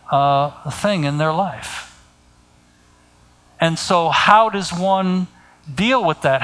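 Slow, deliberate preaching man. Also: on the high side, fairly bright tone, a little hiss or hum, rough recording. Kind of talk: sermon.

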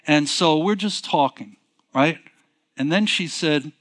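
A man's voice: on the high side, takes it slowly, a bit bright. A male pastor telling a personal story in a sermon, conversational and rambling, often restarting with "so anyways". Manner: conversational, repeats himself, frequent "so anyways" restarts.

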